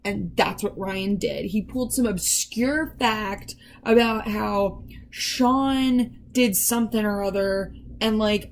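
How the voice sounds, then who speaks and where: A woman's voice: mid-range voice, darkish tone, slight background noise, low-quality recording. Chatty woman contestant in confessional. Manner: chatty, many fillers. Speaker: online game contestant.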